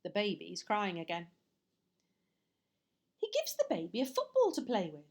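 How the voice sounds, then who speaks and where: A woman reading a picture book aloud to children, expressive and slipping in chatty asides and whispers. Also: mid-range voice, normal speed.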